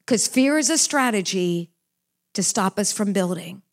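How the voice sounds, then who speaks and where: A woman's voice: medium pitch, expressive, unhurried. An older woman preaching a heartfelt, earnest sermon about love and purpose. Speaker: Christian speaker.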